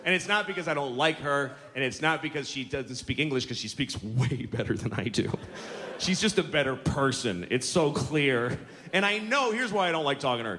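A man's voice: mid-range voice, sharp tone, a little hiss or hum. Stand-up guy ranting and swearing, voice jumping all over, big echoey theater with laughs behind. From United States. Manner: profane, exasperated ranting with quick character voices. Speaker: stand-up comedian. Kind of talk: stand-up comedy routine. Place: large theater on stage. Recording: live theater with hall reverb and crowd laughter.

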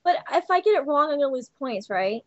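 A hesitant woman second-guesses her answers in a podcast quiz. She talks fast in a high voice. The recording is dry and dull. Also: very animated, no room sound. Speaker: podcast co-host. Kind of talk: casual chat.

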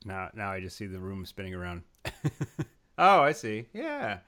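A man's voice: deep voice, very animated, moderate pace, sharp tone. A young man hosting a podcast, telling a rambling, self-mocking story in a casual way. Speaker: podcast host. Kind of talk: casual monologue and chat.

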